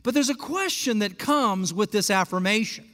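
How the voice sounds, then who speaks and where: A man's voice: lively intonation, normal speed, a bit bright. An older man preaching a sermon as pastor, telling stories and acting out conversations. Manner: storytelling, acts out dialogue with rising pitch. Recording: long hall reverb.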